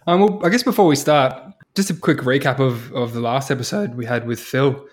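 Fast-talking podcast host. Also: male voice, mid-range voice. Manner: quick, easygoing, many fillers and restarts. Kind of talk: casual podcast chat.

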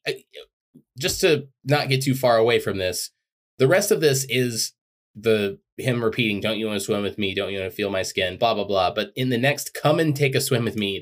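A man's voice: fairly low pitch, a bit bright. A man co-hosting a casual podcast, talking about song lyrics in a blunt, exasperated way and swearing freely. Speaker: podcast co-host.

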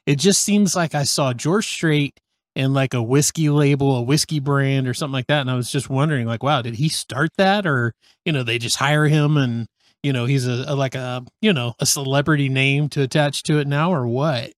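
A middle-aged Texan man chatting as a podcast guest. He talks at an average pitch in a friendly, easygoing way, and the recording is close and dry. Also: moderate pace, dry recording. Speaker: podcast guest, radio host. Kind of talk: casual chat.

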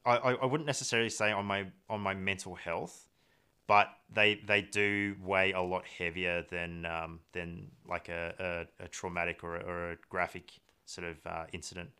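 A man with a very deep yet bright voice reflects on what stays with him from his work. His voice is smooth and clear, and he speaks hesitantly, often stumbling over repeated words. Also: fairly even intonation, a little slow. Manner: hesitant, repeats words while searching for them. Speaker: interviewer. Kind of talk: reflective conversation.

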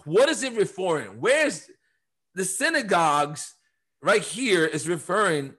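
A man teaching the Bible on a podcast, emphatic and preachy, reading scripture aloud and sometimes rising to shouts. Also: high voice, big pitch swings, a little slow, husky.

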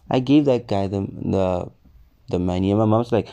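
The sound is lo-fi as a young vlogger, his voice fairly low and his pace moderate, tells a story from his own life. He keeps it casual, swears, and animatedly quotes the people involved.

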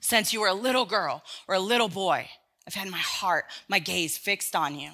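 Bright-voiced woman preaching a sermon. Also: mid-range voice, moderate pace. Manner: earnest, conversational preaching with frequent restarts. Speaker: speaker in a church sermon series.

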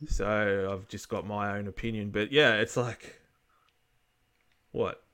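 A man's voice: fairly low pitch, fairly even intonation, takes it slowly, a bit bright, smooth. An Australian man co-hosting a podcast, rambling bluntly in casual chat and swearing now and then. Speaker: podcast co-host.

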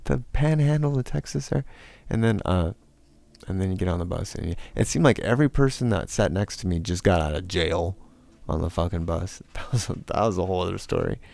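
Gravelly low-voiced man telling road stories. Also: a little fast, darkish tone. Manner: profane, rambling, with lots of fillers; acts out quotes in a raised, mocking voice. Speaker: storyteller. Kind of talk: casual personal storytelling.

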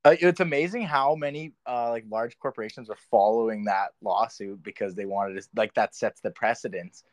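Low-voiced male podcast host, dry sound. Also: a little fast, no echo. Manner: casual, agreeing, frustrated remarks. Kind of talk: casual podcast conversation.

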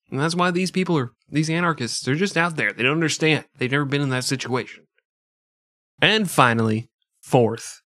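A man hosting a podcast, telling a history story casually, with sarcastic, profane, deadpan jokes. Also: fairly high pitch, no room sound, clean studio sound. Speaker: podcast host.

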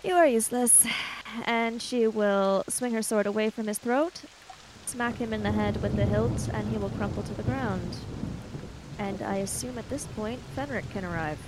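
Woman player, casual, thinking aloud, mid-pitched voice. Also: normal speed, a little mellow, a little hiss or hum, rough recording. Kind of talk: describing actions in a tabletop game.

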